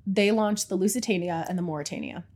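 A woman co-hosting a podcast in casual chat, animated and laughing, often trailing off mid-sentence. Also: on the low side, quick pace. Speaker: podcast co-host.

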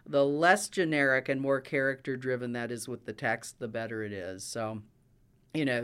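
Guy who coaches accents for actors, smooth resonant voice, explains stuff eagerly in an interview. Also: mid-range voice, moderate pace, a bit bright. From United States. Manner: explanatory, enthusiastic about accents. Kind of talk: interview answers.

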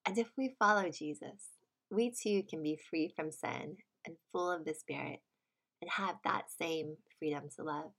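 A woman giving a sermon in an earnest, measured teaching manner. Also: sits low, fairly bright tone. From United States. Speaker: preacher.

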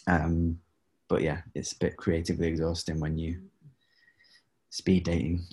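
A man's voice: low voice, measured pace, husky. A man, a singer, telling stories in a casual interview, full of fillers and laughs. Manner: animated, laughs often, many fillers. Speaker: guest singer.

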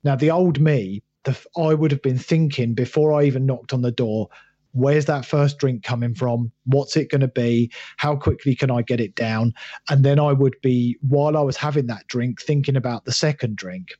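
An earnest middle-aged man speaking as a podcast guest, his voice a little husky. He often restarts his sentences as he talks. The sound is dull and dry, with no room around it. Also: mid-range voice, normal speed, warm tone, no echo. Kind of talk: conversational interview answers.

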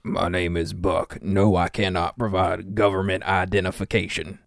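Deep gravelly man in outtakes. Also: flat delivery, normal speed, no echo. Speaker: voice actor in a blooper reel.

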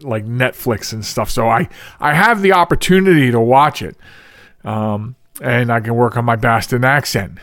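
A man's voice: a little high, a bit bright, dry recording, studio quality. A man from the Philadelphia area hosting a podcast alone, chatting casually in a rambling way, often restarting his sentences and laughing at himself. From Philadelphia region. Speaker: podcast host. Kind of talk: casual solo podcast chat.

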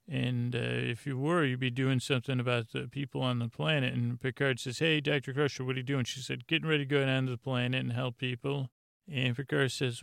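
Flat, gravelly-voiced man recapping casually. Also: medium pitch, no echo, studio quality. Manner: rambling, reads from own notes with many fillers. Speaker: podcast host.

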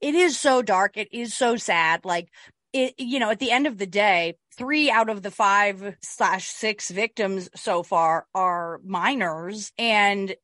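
A woman's voice: mid-range voice, takes it slowly, fairly bright tone, dry recording. A woman co-hosting a podcast, chatting casually and animatedly about a true-crime case, swearing and restarting often. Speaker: podcast co-host.

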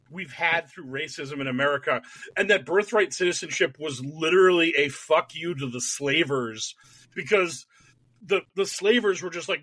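A man's voice: a little high, pushed and bright, dry recording. Guy hosting a political podcast on a call, swears a lot, rambly, raises his voice a lot. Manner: rambling, self-deprecating, profane. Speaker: podcast host. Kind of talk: casual political chat.

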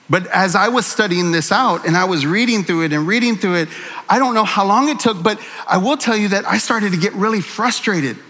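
In a church sanctuary, a pastor with a high, bright, forceful voice delivers a conversational sermon, earnest and candid with self-deprecating humor. His voice carries a long reverb tail.

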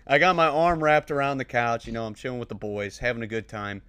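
A man's voice: medium pitch, steady tone, fairly quick, a bit bright, clean tone, dry recording. A young man co-hosting a podcast, joking in a laid-back way and swearing freely. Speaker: podcast co-host. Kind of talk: casual chat.

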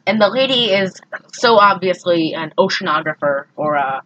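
A woman co-hosting a casual podcast, recapping a movie in an animated, exasperated way. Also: on the low side, normal speed, muffled recording, slight background noise. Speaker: podcast co-host.

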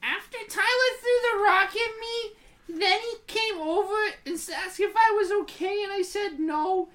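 A woman's voice: very high-pitched, normal speed, fairly bright tone, voice pushed up. A woman voicing her dramatic, tearful little schoolgirl sister, reading a diary aloud in breathless, sobbing bursts. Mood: whiny.

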